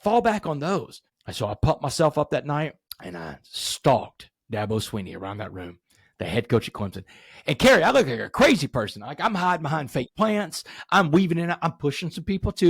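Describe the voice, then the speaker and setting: A man in his forties, a podcast guest, telling his story emphatically and rising to animated peaks. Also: fairly high pitch, fairly quick, slightly rough, no room sound, studio quality. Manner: addresses host directly, asks rhetorical questions. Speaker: podcast guest, motivational speaker.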